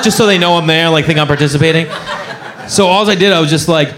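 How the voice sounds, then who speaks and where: A man doing a stand-up set on a club stage, telling a story and acting out the people in it with lively, jumping delivery. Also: fast talker. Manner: animated storyteller, acts out voices, big pitch jumps. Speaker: stand-up comedian. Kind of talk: stand-up set and crowd work.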